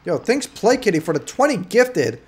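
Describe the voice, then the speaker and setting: A man's voice: high voice, big pitch swings, normal speed, a little hiss or hum. A man live-streaming a video game, chatting casually with his viewers and putting on playful, melodramatic whining.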